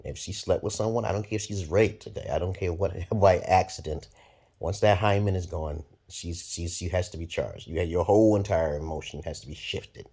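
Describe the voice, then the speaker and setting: A man in his forties from Brooklyn, New York, giving a profane, rambling monologue to camera with sudden loud jumps. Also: low-pitched, fairly quick, husky. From Brooklyn, New York, USA. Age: 40s. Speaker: vlogger.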